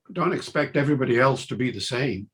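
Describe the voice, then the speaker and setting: An older man with a husky voice and a Welsh-Liverpool accent gives a fast university lecture, enthusiastic and full of lively pitch swings.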